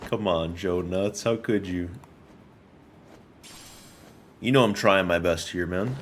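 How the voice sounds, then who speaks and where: Man, low voice, gameplay stream, rambling jokey commentary, lots of swearing, faint background hiss. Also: normal speed. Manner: joking, profane, rambling.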